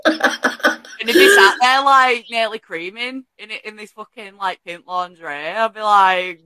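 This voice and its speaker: A woman's voice: medium pitch, animated, unhurried, pushed and bright. A woman co-hosting a casual chat show, with a blunt, sweary, bantering manner. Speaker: podcast co-host.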